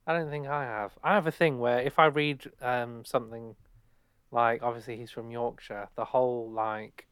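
A man's voice: mid-range voice, fairly even intonation, moderate pace, fairly bright tone, smooth, no room sound. A young man in his twenties from England, co-hosting a podcast in casual, rambling chat full of fillers. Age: 20s. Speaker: podcast co-host.

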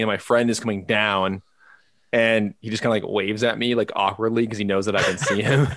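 A man's voice: fairly low pitch, a bit bright, no echo. A man telling a long personal story in casual podcast chat, rambling with lots of fillers and restarts. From Los Angeles area. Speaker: podcast co-host.

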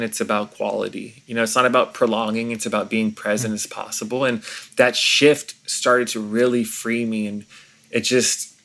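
A pastor in an interview speaks earnestly and reflectively, frequently pausing and starting his sentences over. His voice is medium in pitch and slightly bright.

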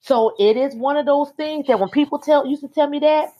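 A woman's voice: high voice, a little fast, muffled recording. A woman, a parent, co-hosting a casual chat. She asks the questions in an easygoing, teasing way. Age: adult with kids. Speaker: podcast co-host.

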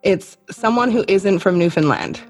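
A woman's voice: medium pitch, normal speed, soft background music. A woman from Canada hosting a podcast in casual chat, talkative and playful, swearing now and then. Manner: chatty, swearing freely, playful quizzing. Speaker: podcast host.

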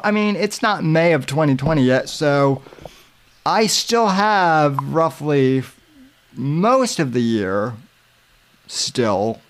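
A man hosting a podcast, giving casual commentary in a halting way with many filler sounds and restarts. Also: fairly high pitch. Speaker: podcast host.

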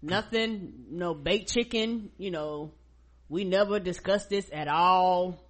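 A woman's voice: fairly low pitch, slow. A woman co-hosting a podcast, chatting casually with dry, blunt remarks. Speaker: podcast co-host.

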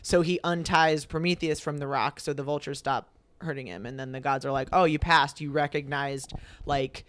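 A young man casually retelling a myth, full of fillers and quick acted-out quotes. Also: on the high side, steady tone, fairly bright tone, dry recording. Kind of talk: casual storytelling chat.

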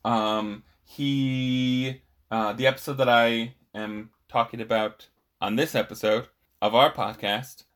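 A man's voice: mid-range voice, fairly even intonation, slow, a bit bright. A man co-hosting a podcast in casual conversation, rambling and hesitant as he talks. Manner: rambling, hesitant, with many restarts and fillers. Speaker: podcast co-host. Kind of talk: casual chat.

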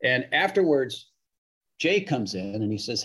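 Husky man telling a story. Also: mid-range voice, sing-song, measured pace, fairly bright tone. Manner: chatty, repeats words, acts out quotes. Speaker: guest storyteller. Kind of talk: casual anecdote.

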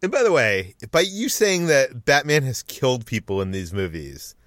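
A man hosting a podcast in a casual way, quick and loose as he leads the discussion. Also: mid-range voice, big pitch swings, a bit bright, no echo, studio quality. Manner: quick, loose, leading the talk. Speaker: podcast host, editor-in-chief.

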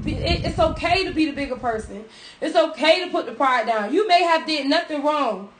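A woman's voice: sits high, a little fast. A woman, co-hosting a casual podcast, blunt and profane, often preaching at her listeners. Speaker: podcast co-host. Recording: echoey room with clear noise.

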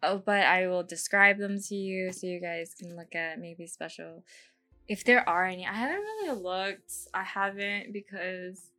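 Rambling through a casual podcast chat full of fillers, a young female host often laughs at herself. She speaks at a moderate pace in a lowish, sharp-toned voice.

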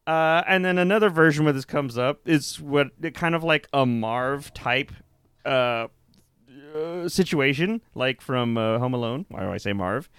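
A man co-hosting a casual movie chat, animated and profane, often breaking into mock screams. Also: mid-range voice, a little slow, clear, resonant tone, no room sound.

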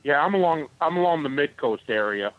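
A man's voice: on the high side, animated, a little fast. Male caller, easygoing and plain, muffled phone sound. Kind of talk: phone-in chat. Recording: dull phone line.

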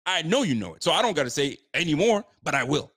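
A man's voice: on the high side, very animated, quick pace, a bit bright, slightly rough. A man giving a frustrated, blunt post-game reaction, repeating himself and using casual slang. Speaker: sports fan commentator.

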